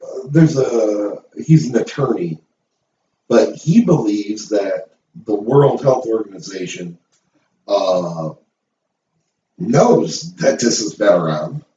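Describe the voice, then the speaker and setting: Middle-aged guy ranting, blunt and cussing, lively up-and-down voice, echoey room. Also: on the low side, takes it slowly, pauses often, a little hiss or hum. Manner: blunt, profane, emphatic. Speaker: host. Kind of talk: opinion rant to camera. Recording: roomy, distant, dull sound.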